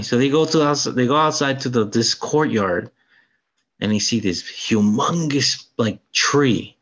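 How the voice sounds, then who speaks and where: A man co-hosting a casual podcast, excitedly recounting a film's plot and acting out the characters' lines. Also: medium pitch, measured pace, dull audio. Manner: animated retelling, acts out character lines. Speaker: podcast co-host. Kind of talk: casual film review chat.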